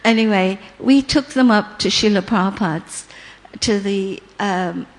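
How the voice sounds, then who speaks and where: An older woman, telling a personal memory in an unhurried, halting way with many pauses and fillers. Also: medium pitch. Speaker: storyteller sharing memories. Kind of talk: casual spoken recollection.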